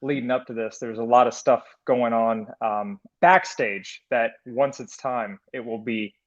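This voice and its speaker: A man's voice: medium pitch, fairly even intonation, unhurried. Easygoing guy on a lo-fi call. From United States. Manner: easygoing, calls everyone "man". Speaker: life coach, podcast guest. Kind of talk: casual chat.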